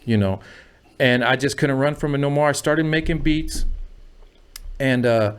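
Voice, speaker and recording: A man's voice: mid-range voice, a little slow. A man guesting on a podcast, telling a long story in a loose, profane way, and asking "you know what I mean" again and again. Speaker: music producer guest. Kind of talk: casual storytelling interview.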